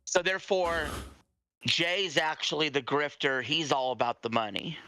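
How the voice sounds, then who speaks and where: A man's voice: fairly high pitch, normal speed, sharp tone, slight background noise. A man co-hosting a casual commentary chat, summing things up sarcastically. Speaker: co-host.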